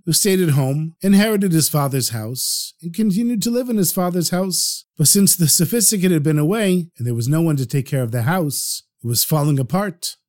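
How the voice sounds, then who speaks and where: A male storyteller narrating a traditional tale for his podcast. His voice sits high for a man, and he tells the story expressively, breaking into the voices of the characters. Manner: warm, expressive, acts out the characters.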